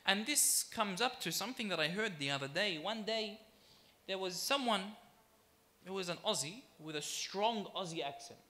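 A man preaching in a high, bright voice. He leans on repetition and slows down to hammer home his key phrases. He speaks to the congregation as brothers and sisters. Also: animated. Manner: emphatic, with deliberate repetition; addresses the audience as brothers and sisters. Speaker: sheikh giving a religious talk. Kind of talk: sermon.

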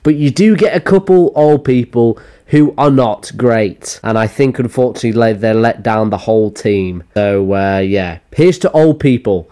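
A man's voice: mid-range voice, moderate pace, hardly any pauses. Joking man reacting to clips. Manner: animated, joking, swearing, laughing often. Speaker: YouTube commentator. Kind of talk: comedic reaction commentary.

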